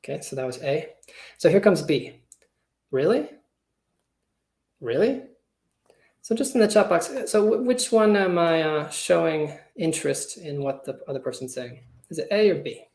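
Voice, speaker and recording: A man who trains teachers, giving an online webinar presentation in a relaxed, conversational way with a lot of hedging. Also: on the high side, moderate pace, creaky. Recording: roomy echo.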